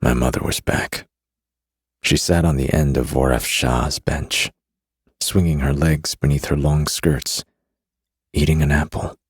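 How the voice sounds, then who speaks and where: A man narrating a dark fantasy audiobook in the first person, with a steady, grim delivery. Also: rumbling low, measured pace, long pauses, slightly rough, dry recording.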